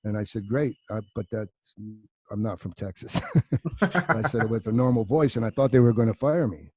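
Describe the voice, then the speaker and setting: A middle-aged man with a low, mellow voice, recorded close and dry. He tells stories casually and swears freely, jumping into quick impressions of the people he quotes. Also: husky, dry recording. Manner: profane, animated anecdotes with acted quotes. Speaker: actor guest. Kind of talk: casual podcast storytelling.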